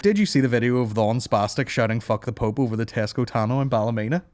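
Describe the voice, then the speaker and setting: A man's voice: mid-range voice, quick pace, a little mellow, a little hiss or hum. A man hosting a podcast, joking and swearing in casual banter. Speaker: podcast host.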